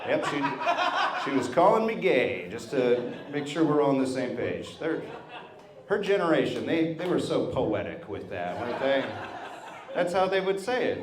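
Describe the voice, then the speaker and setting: A man's voice: medium pitch, very animated, normal speed. A man in his thirties doing a stand-up set in a wry, self-deprecating, conversational way. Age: 30s. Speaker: stand-up comedian. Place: brewery venue with a live audience. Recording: echoey room with a crowd.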